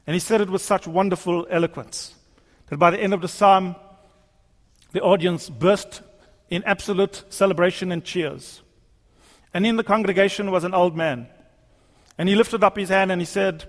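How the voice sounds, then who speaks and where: Male preacher, high voice, emphatic, repetitive rhetoric, echoing church sermon. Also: fairly even intonation, moderate pace, pauses often. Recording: long hall reverb.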